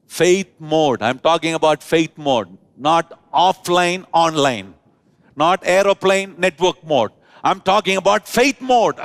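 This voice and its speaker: A man's voice: on the high side, lively intonation, vocal fry, dry recording. A male pastor preaching a sermon in a church, stretching key words and calling the congregation to repeat after him. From India. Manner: preaching with drawn-out emphasis and call-and-response.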